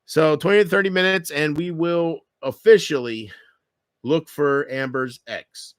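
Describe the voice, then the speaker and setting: A man vlogging a bitter, taunting rant straight to camera, swinging from loud outbursts to low mutters. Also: unhurried, clear, resonant tone, no echo, clean studio sound. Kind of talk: ranting monologue to camera.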